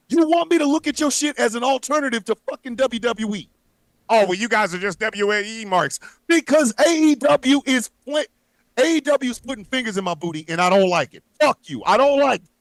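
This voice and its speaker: A man's voice: very high-pitched, lively intonation, moderate pace, no echo. A man co-hosting a livestream, ranting angrily and profanely with lots of repetition. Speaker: co-host. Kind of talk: heated livestream rant.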